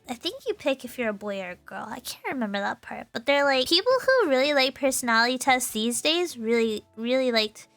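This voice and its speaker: A woman's voice: sits high, pushed and bright. A tipsy woman streamer rambling through a casual explanation, giggly and loose, often correcting herself mid-sentence. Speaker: VTuber streamer.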